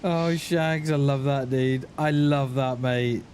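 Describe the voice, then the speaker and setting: A man's voice: medium pitch, fairly even intonation, slow, darkish tone, slight background noise. Chatty man streaming a game. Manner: laughing, chatty, addresses chat as mate. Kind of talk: live gameplay stream chat.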